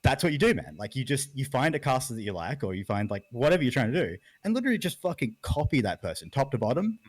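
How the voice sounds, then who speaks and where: An Australian esports caster talks loosely in a podcast chat, leaning on "like" and dropping swear words. His voice sits in an ordinary middle pitch. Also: very animated, fast talker, no echo. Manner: rambling, swears freely, lots of "like".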